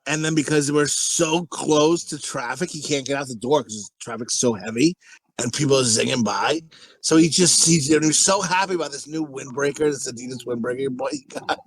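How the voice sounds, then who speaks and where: A man's voice: medium pitch, a little fast, husky, no room sound, low-quality recording. A man co-hosting a podcast, telling crude stories in a casual, laughing way and acting out the voices. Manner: crude, laughing storyteller who acts out voices. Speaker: podcast co-host. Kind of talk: casual comedic chat.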